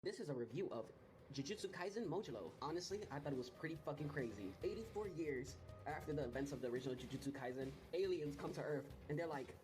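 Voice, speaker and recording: A man rattling off a fast, profane rant full of mockery and exaggerated retellings. His delivery is quick and brash. Music plays behind his voice. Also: fairly high pitch. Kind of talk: ranting commentary.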